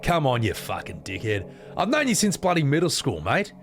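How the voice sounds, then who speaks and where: A man's voice: mid-range voice, huge pitch swings, normal speed, faint music behind. A man voicing a blunt, crude Australian friend in a put-on Australian accent. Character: brash rude Aussie man, childhood friend.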